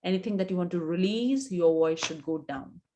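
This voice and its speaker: A woman's voice: on the low side, moderate pace, mellow. A woman with an Indian English accent, an image coach in her thirties, giving instructive advice in a live webinar and repeating her points for emphasis.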